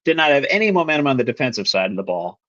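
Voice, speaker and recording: A man's voice: mid-range voice, very animated, rapid-fire, a bit bright, muffled recording. A young man co-hosting a sports podcast, bluntly breaking down a football game in casual chat. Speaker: podcast co-host.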